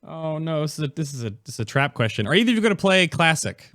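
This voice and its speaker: A fairly high-voiced man with a very lively, swooping delivery hosts a casual chat. He reads chat aloud, laughs often and reacts with animated exclamations, recorded dry and close. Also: quick pace, dry recording. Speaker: podcast host.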